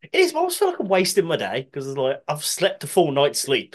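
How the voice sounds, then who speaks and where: A man's voice: mid-range voice, big pitch swings, fast. A man with a Birmingham accent, co-hosting a podcast in casual chat, ranting, swearing freely and laughing often. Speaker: podcast co-host.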